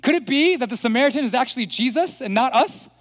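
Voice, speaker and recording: A man preaching a sermon as pastor, animated and throwing rhetorical questions at the congregation. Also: extremely high pitch, fast. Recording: long hall reverb.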